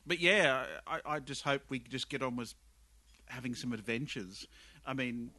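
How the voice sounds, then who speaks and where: A man hosting a casual podcast chat, enthusiastic and halting, often repeating words as he talks. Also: mid-range voice, bright, forceful tone. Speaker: podcast host.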